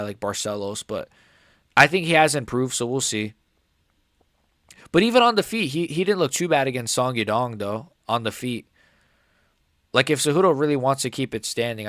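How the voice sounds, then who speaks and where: A young man hosting a live fight reaction stream, rambling casually with lots of "like" and "bro" while his voice sometimes cracks high. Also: expressive, brisk, fairly bright tone, dry recording, clean studio sound. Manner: rambling, filler-heavy, says "like" and "bro" often. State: voice cracking upward at times.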